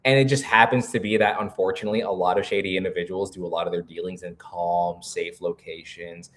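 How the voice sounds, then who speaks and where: Low-voiced man rambling on a live stream. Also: brisk. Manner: rambling, animated, full of "like" fillers. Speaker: co-host. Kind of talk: casual live-stream chat.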